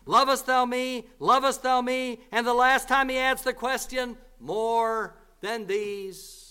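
An earnest male preacher with a very high, bright voice. His tone is smooth and clear, and he repeats his key points with emphasis. He often drops lower and softer as he draws back from the mic. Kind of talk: sermon.

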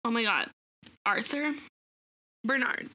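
Bright, higher-pitched teenage girl. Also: lively intonation, slow pace. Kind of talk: casual chat.

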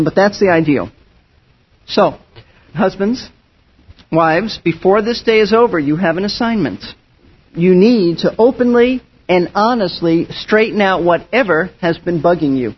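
A man's voice: sits high, moderate pace, breathy edge. A man preaching a sermon as pastor, earnest and emphatic, often restarting his phrases. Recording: dull lo-fi sound.

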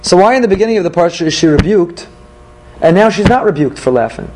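Man teaching a lively Torah class. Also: high-pitched, fast, rough recording. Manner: animated, asks questions and answers them himself.

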